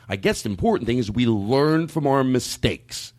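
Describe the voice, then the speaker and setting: Animated man rambling with sarcasm. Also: medium pitch. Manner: rambling, halting, many restarts and fillers; openly sarcastic at times. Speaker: podcast host. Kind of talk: casual discussion.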